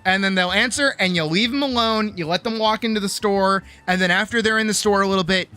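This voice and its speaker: A woman streamer telling a casual, animated story, swearing freely and acting out other people's lines. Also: medium pitch, fast talker, soft background music. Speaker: streamer and artist.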